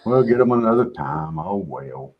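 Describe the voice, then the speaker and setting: A man's voice: sits low, very animated, normal speed, dull audio, faint music behind. A man hosting a casual chat show, joking in a folksy, drawling way. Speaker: show host.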